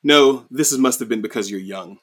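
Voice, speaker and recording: A man's voice: mid-range voice, a little fast, lightly acted. Cruel old king, scornful, a man voicing him, casual retelling. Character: bitter aging male king, cruel and scornful.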